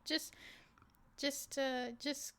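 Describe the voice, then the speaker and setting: A woman livestreaming her art and chatting casually, often pausing to hunt for the right word. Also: high voice, level tone, pushed and bright. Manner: halting, searching for words with many fillers. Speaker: livestreaming artist. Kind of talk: casual chat while reacting to a video.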